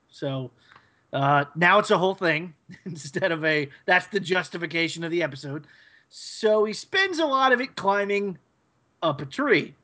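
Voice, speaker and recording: A man co-hosting a podcast, giving a rambling, hesitant episode recap full of fillers and pauses. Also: fairly high pitch, pushed and bright. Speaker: podcast co-host.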